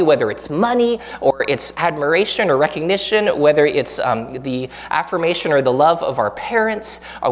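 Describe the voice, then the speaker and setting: A man in his thirties, a pastor giving a sermon in a relaxed, conversational way, joking at his own expense and acting out the prayers he quotes. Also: a little high. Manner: conversational, self-deprecating, acts out quoted prayers.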